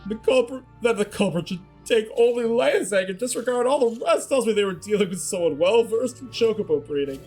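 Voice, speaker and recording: A frantic, fussy chocobo breeder , voiced by a man, with a put-on French accent. He frets and wails in a high, lively voice, swinging all over the place. Faint game music plays underneath. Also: a little fast, hardly any pauses. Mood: urgent. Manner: melodramatic, wailing, high-strung.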